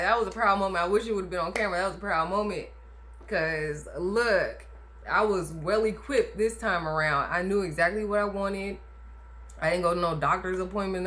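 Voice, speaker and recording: A vlogger tells her birth story to camera in a medium-pitched, bright, forceful voice. Chatty and emphatic, she keeps tossing in "like" and "okay?" as she casually recounts it.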